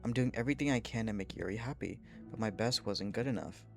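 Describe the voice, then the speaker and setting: An anxious teenage girl, quietly tearing herself down in self-critical rambling, as a man reads her lines. The voice sits low, close to a plain male speaking voice. Soft music plays faintly behind. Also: fast, creaky.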